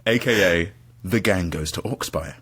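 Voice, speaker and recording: A young man, a podcast guest, chatting casually and joking with a quick laugh over a remote call. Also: low voice, a bit bright, a little hiss or hum. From United Kingdom. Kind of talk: casual comedic chat.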